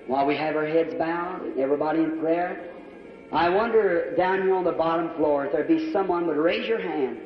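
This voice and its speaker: A man preaches an altar call in a large church, his voice riding high. He pleads fervently, repeating his appeals again and again. The old, dull recording catches him from far off in a long, ringing hall. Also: moderate pace, music in the background. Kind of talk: sermon altar call and prayer. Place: large church with balcony and box seats.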